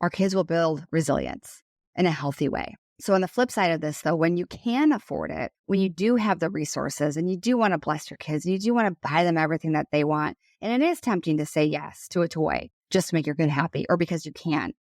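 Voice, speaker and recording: Earnest low-voiced woman podcaster. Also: brisk, a little mellow, no echo, studio quality. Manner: earnest, passionate, conversational. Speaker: podcast host and financial advisor. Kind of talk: solo podcast talk.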